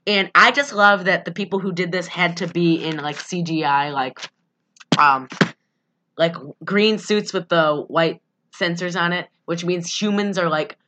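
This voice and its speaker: A woman's voice: on the low side, a little slow, sharp tone, slight background noise. A young woman co-hosting a podcast, recapping a movie in casual chat, rambling with lots of fillers and laughing asides. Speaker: podcast co-host.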